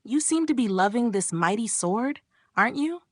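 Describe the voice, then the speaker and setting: A woman's voice: a little high, animated, normal speed, no echo, clean studio sound. A woman voicing a cocky young man who smirks and teases his sister, in a smug, teasing tone.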